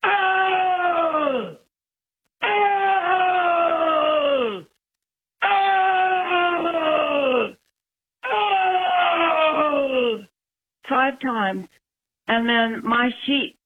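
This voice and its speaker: A woman from Utah, a former sheep herder, calling in to tell a story in an unhurried, halting way. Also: fairly high pitch, fairly even intonation. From Utah, USA. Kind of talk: telling a story on a call-in line. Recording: phone line.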